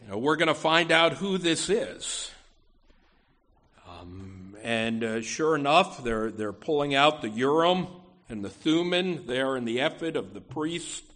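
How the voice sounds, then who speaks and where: A man's voice: mid-range voice, lively intonation, unhurried, a bit bright. A middle-aged man preaching a sermon, talking through scripture off the cuff with frequent restarts. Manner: unscripted delivery with fillers and restarts, quoting scripture.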